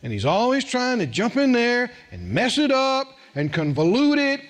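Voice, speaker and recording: Middle-aged male preacher, very high voice with swooping pitch, animated and questioning the crowd. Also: moderate pace. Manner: animated, asks the congregation questions. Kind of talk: sermon with personal story.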